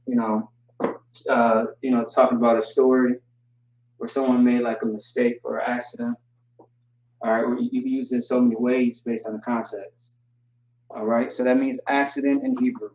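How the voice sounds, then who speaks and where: Teaching languages online, this man jokes in a relaxed manner and spells terms slowly, speaking at a medium pitch. The audio is dull and reverberant, captured from far off.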